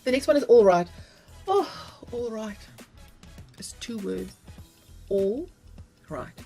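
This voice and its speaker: A woman's voice: fairly high pitch, animated, slow, dark tone, soft background music. A middle-aged woman with a South African accent, explaining English spelling to learners patiently and spelling words out letter by letter. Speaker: English teacher.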